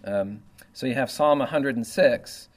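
A man's voice: medium pitch, unhurried. Man teaching Bible study, conversational asides. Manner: reads scripture aloud, then comments conversationally; frequent filler asides and tag questions.

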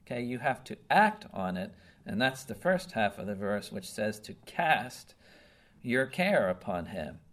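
Male pastor, middle-pitched, earnest and emphatic in a relaxed teaching sermon that checks in often with the congregation. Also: measured pace. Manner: checks in often with "okay?" and "right?"; earnest, emphatic, with some restarts. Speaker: preacher. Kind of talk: conversational sermon.

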